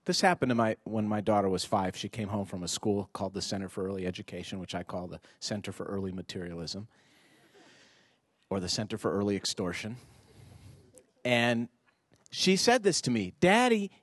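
A man's voice: lowish voice, fairly quick, breathy edge, no echo. A middle-aged man giving a rhetorical talk to an audience of parents, acting out bits of dialogue as he goes. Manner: rhetorical, animated, acts out dialogue. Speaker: speaker addressing parents. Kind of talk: lively public talk with audience exchange. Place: indoor venue before an audience.

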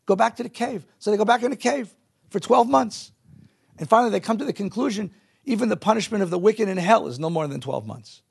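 A man teaching a Jewish text class to a live audience, animated, asking the room questions and mixing in Hebrew and Yiddish words. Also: high voice, quick pace, gravelly, slightly rough.

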